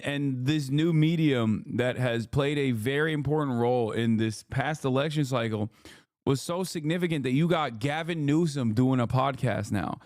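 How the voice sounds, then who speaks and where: A man's voice: mid-range voice, no echo, clean studio sound. A man hosting a livestream, lecturing his chat in rambling, profane casual commentary. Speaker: livestream host.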